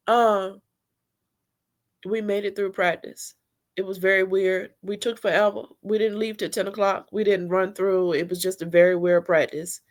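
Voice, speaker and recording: A woman's voice: medium pitch, steady tone, moderate pace. A middle-aged woman, tearfully and candidly recounting a hard church rehearsal to her viewers. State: crying at times. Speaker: church singer telling her story. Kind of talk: emotional personal storytelling.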